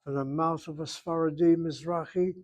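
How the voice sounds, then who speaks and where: A man's voice: fairly high pitch, steady tone, moderate pace, a crowd in the background. A man teaching a Hebrew class, emphatic and repetitive, correcting students and thinking aloud over spelling.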